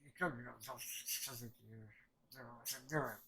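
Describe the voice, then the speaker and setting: A man's voice: medium pitch, steady tone, normal speed, crowd noise, rough recording. A man hosting a reaction channel, rambling through anime commentary in a profane, filler-heavy way.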